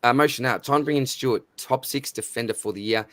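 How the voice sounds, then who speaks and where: A man's voice: mid-range voice, fast, a bit bright, dry recording, clean studio sound. A man with an Australian accent hosting a live stream in casual chat, matey and chatty as he reads out viewer names. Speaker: livestream host.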